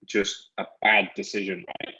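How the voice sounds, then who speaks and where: A man's voice: fairly low pitch, little pitch movement, moderate pace, bright, forceful tone, low-quality recording. A man in his thirties with an English accent, a podcast guest reflecting loosely on school days, full of fillers. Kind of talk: casual chat.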